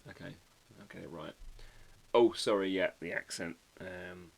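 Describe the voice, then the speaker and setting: A man hosting a casual livestream, chatting with viewers and reading their comments while he draws, often muttering quiet asides. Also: deep voice, measured pace, gravelly. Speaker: livestream host drawing a card. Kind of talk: casual live-stream chat.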